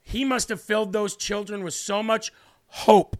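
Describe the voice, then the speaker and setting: A man's voice: high-pitched, fairly even intonation, unhurried. A man hosting a live stream, giving earnest, repetitive political commentary while tearing up. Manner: earnest, repetitive, tearful emphasis. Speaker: livestream host.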